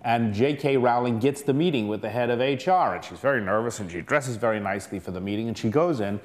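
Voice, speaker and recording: A man's voice: medium pitch, fast talker. A man presenting a lecture as an earnest, persuasive, conversational story.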